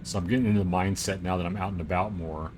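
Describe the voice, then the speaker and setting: Low-voiced streamer guy rambling on, truck game noise in the back. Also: steady tone, fast talker. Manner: rambling, chatty, many fillers. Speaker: streamer hosting a game convoy. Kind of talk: casual chat while gaming. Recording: game engine noise behind.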